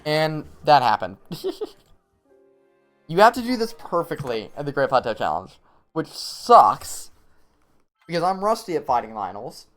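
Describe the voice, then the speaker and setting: A young man talks through a live game stream, walking viewers through a boss fight in a loose, chatty way. His voice sits a little high, and he laughs and says "um" often. Soft game music plays faintly behind him. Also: sing-song, normal speed. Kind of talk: live gameplay commentary and tips.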